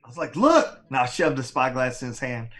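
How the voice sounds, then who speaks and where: A man playing in a tabletop game, talking in an excitable, rambling way. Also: mid-range voice, quick pace. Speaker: player.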